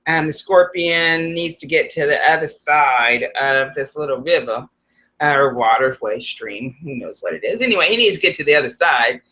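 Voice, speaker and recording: A woman's voice: low voice, moderate pace, pushed and bright. A woman psychic advisor talking to her viewers in a casual, rambling vlog, laughing often.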